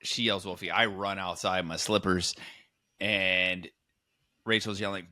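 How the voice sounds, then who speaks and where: A man co-hosting a comedy podcast, telling a rambling, animated story in casual chat. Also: sits low, measured pace, dry recording, clean studio sound. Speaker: podcast co-host.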